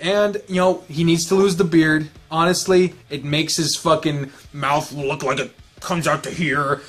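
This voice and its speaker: Picture a man with a high-pitched voice who is hosting a loose, casual chat. He rants excitably and swears constantly, piling on one strong opinion after another. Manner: excitable, heavy swearing, ranting. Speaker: host.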